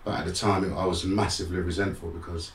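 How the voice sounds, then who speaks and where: A man's voice: sits low, fast talker, roomy sound, far from the mic, a little hiss or hum. A middle-aged man, a guest frankly telling his life story in a streetwise way. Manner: frank, streetwise, animated in re-enacted moments. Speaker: guest, motivational speaker. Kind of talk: candid personal storytelling.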